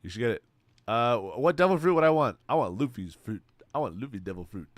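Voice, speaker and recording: A man's voice: medium pitch, lively intonation, quick pace, no room sound. A man casually chatting with viewers while streaming a game, laid-back and swearing freely. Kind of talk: casual livestream chat.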